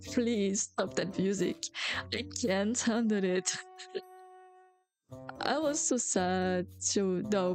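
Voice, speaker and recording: A woman's voice: medium pitch, darkish tone. A young adult woman, a native French speaker, chatting casually on a stream, rambling with lots of filler words and giggles. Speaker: VTuber streamer.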